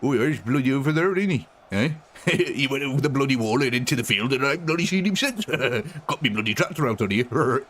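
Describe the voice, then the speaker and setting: A man putting on a gruff Yorkshire farmer with a Yorkshire accent. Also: medium pitch, lively intonation, fairly quick, fairly bright tone. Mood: grumbling.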